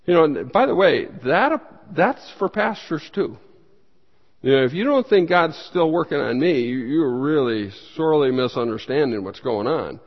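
A pastor's animated voice moves at a moderate pace as he teaches a Bible study in bursts of emphasis, pitch and loudness rising suddenly. He asks questions of the room, then answers them himself, heard through dull sound and long hall reverb.

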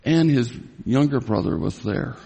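A man's voice: lively intonation, normal speed, creaky, dark tone, slightly rough. Man preaching in an echoing hall. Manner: emphatic, bursts of raised pitch when retelling scenes. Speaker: Bible teacher. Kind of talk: expository sermon. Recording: long reverb of a large hall.

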